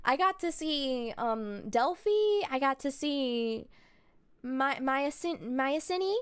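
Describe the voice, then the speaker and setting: A woman's voice: high-pitched, expressive, slow pace, no echo. A woman streamer in casual chat, playful and goofy, joking with silly word swaps.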